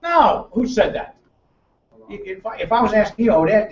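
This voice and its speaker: A man's voice: sits high, animated, moderate pace. An American man giving a seminar to a live audience, brash and joking, quizzing people in the room and teasing them. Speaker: seminar presenter. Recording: roomy, distant, dull room mic.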